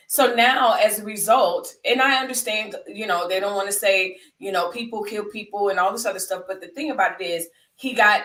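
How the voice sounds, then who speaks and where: A woman's voice: medium pitch, fairly bright tone, distant mic. A woman from the United States hosts a live stream, talking through the news with her chat. She is emphatic and conversational, and she comes back to her points for stress. Her mid-range voice sounds roomy and sits away from the mic.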